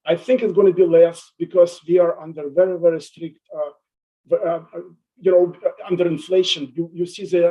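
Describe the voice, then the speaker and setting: Emotional halting man testifying. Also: high-pitched, little pitch movement, warm tone, rough recording. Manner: halting, many restarts, emotional. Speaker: adult day center owner testifying. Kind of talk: public hearing testimony.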